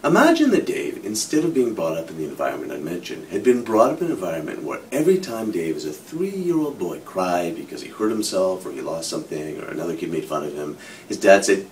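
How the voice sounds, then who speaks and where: A middle-aged man with a lowish voice explains a psychological idea in a lively, animated way, leaning on everyday examples. He sits a little way from the mic, with a faint rumble underneath. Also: a little fast. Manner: animated explaining with hypothetical examples, frequent "kind of". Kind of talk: explanatory talk to camera. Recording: from a distance, faint low rumble.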